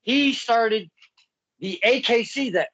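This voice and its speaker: Talking slowly in an extremely high pitch, a man hosts a casual podcast interview. He is an animated storyteller who laughs often and acts out quotes, including the other side of the conversation. It is recorded with a dull, lo-fi sound.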